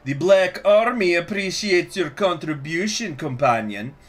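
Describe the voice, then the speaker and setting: A man's voice: on the high side, sing-song, moderate pace, fairly bright tone, faint music behind. A man voicing a mocking, lazy male bandit soldier, in an attempted Russian accent that drifts toward Scottish. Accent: attempted Russian slipping into Scottish.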